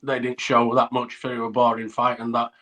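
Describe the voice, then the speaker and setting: A man's voice: mid-range voice, completely flat delivery, normal speed, fairly bright tone. A man hosting a fight talk show in a casual, easygoing way, often calling his guest mate. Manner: easygoing, laughs along, calls guest mate. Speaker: podcast host. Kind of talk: casual interview chat.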